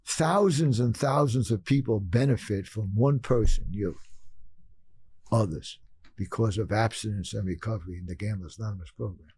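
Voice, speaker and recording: A man's voice: fairly low pitch, normal speed, a little mellow, slightly rough, dry recording. An older man from Brooklyn, telling stories emphatically as a podcast guest and repeating phrases for effect. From Brooklyn, New York. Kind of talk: storytelling interview talk.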